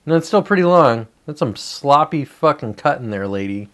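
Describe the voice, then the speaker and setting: A man's voice: on the high side, expressive, moderate pace, a bit bright. A man ranting on a casual livestream, frustrated and profane, rambling with many restarts. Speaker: livestreamer and real estate agent.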